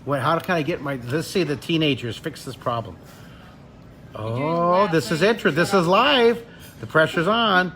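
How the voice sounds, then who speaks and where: A man teaching drawing on a live webcast, chatting with fans in a jokey, excitable way and breaking into delighted exclamations. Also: a little high, a little slow, crowd noise. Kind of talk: lively live-stream chat with fans. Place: a restaurant.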